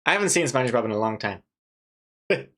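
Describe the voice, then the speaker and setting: A man's voice: mid-range voice, animated, fast talker, sharp tone, a little hiss or hum. Chatty man thinking aloud while drawing. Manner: thinks aloud, second-guesses himself, chatty with viewers. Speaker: comic artist streaming his drawing. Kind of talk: casual live-stream commentary while drawing.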